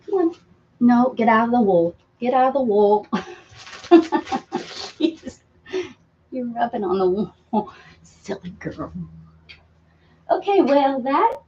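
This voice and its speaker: A woman with a high, mellow voice hosts a relaxed crafting livestream from her cluttered home room. She chats with viewers, apologizes to them, and coos at her pets. The stream audio is dull and lo-fi, with faint noise.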